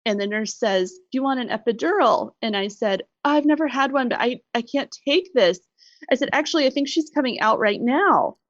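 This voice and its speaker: A middle-aged woman telling her story as a podcast guest, animated and laughing often. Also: high-pitched, normal speed, dry recording, dull audio. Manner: animated retelling, laughs often, acts out quoted voices. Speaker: guest, bereaved mother. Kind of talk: conversational storytelling.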